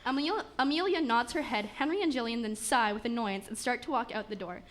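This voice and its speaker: Higher-pitched woman, reading a story aloud, stumbles and restarts, live reading. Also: a little fast. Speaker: story narrator.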